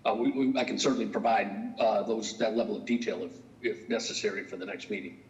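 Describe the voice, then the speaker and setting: A man with a fairly low voice answers a commission in a hesitant, stop-start way, often going back over his own words. The recording has a lot of echo. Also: steady tone, fast, darkish tone, dull audio. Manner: hesitant, many restarts. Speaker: utility company petitioner. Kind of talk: public hearing testimony.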